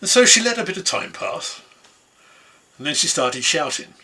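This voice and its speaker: Brief: male storyteller, bright, husky, relaxed folk-tale telling. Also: fairly high pitch, normal speed. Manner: easygoing, conversational telling. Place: home, online concert.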